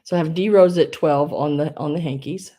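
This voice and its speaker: A woman's voice: low voice, a little fast, dark tone. Giggly chatty woman. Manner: chatty, giggly, restarts often. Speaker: host of a live online sale. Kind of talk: casual live sale chat.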